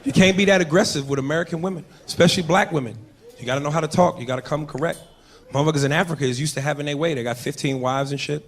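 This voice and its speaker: Brash high-voiced male stand-up comic. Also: very fast. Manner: brash, loud, jumps into shouted bits. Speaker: stand-up comedian. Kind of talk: stand-up comedy routine. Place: comedy stage. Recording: noisy live club recording.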